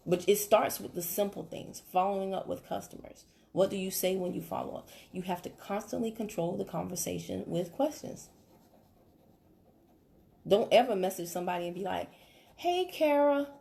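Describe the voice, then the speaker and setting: A woman coaching a team member on a call, talking in an animated way, laughing and acting out quotes. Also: mid-range voice, moderate pace, creaky, slight background noise. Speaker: business coach.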